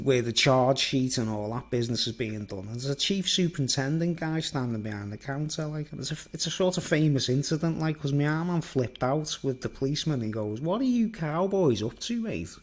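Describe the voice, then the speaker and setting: A man telling a long personal story in a loose, rambling way, with lots of "like" and "you know". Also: medium pitch. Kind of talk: rambling spoken anecdote.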